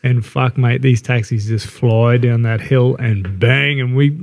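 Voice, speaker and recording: A man's voice: mid-range voice, steady tone, a little slow, gravelly, a little mellow. A middle-aged Australian man telling a rowdy story on a casual podcast, laughing and swearing as he goes. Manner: laughing, swearing yarn-spinner. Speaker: podcast co-host.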